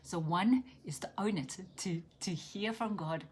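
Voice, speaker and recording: A woman giving an earnest, animated devotional teaching that keeps checking in with the listener and drops into soft, near-whispered asides. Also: medium pitch, measured pace, husky. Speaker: Christian speaker and teacher.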